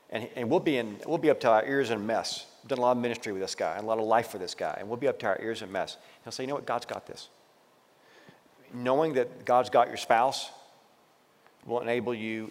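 A man's voice: on the low side, long reverb tail. A man co-hosting a faith talk on marriage as a pastor, encouraging and given to preachy asides. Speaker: pastor, co-host. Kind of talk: casual ministry talk on marriage.

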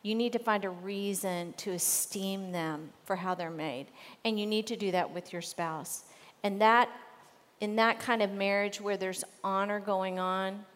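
A woman's voice: mid-range voice, a little slow, in a large hall. A woman co-hosting a casual faith talk on marriage, earnest and conversational, with frequent fillers.

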